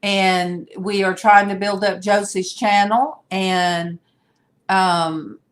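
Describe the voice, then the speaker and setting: A woman's voice: mid-range voice, fairly even intonation, slow pace. An older woman hosting a casual livestream chat over a video call, rambling and greeting viewers by name. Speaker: livestream host.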